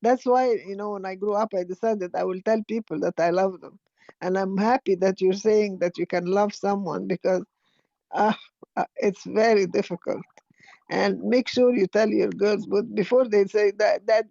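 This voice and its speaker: Older Egyptian woman, gravelly and dark. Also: mid-range voice, fairly even intonation, normal speed, dry recording, lo-fi sound. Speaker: guest speaker. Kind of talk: casual online discussion.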